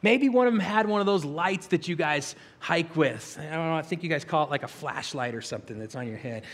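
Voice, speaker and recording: A pastor with a slightly high voice preaches briskly, telling stories in an earnest, animated way with stammered restarts before leading a prayer. A large hall's long reverb surrounds him.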